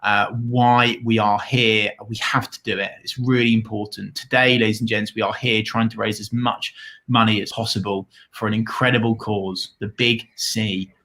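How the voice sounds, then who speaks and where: A man's voice: on the low side, little pitch movement, normal speed, pushed and bright. A man co-hosting a charity livestream, tired with his voice going, upbeat and stumbling over his words. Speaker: livestream co-host. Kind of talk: casual charity livestream chat.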